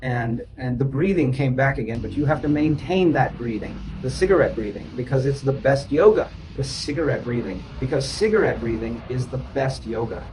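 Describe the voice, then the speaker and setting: A man's voice: medium pitch, moderate pace, few pauses, noisy background. Emphatic man who repeats himself. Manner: repetitive, emphatic, chants rhythms aloud. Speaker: therapist. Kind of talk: explaining to a client.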